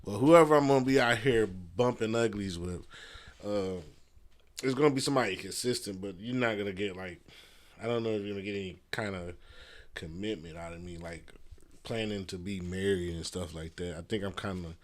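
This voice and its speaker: Low-voiced casual man podcasting, loose and profane. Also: a little fast. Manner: loose, profane, rambling with fillers. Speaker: podcast host. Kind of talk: casual solo podcast monologue. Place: messy room at home. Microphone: podcast mic.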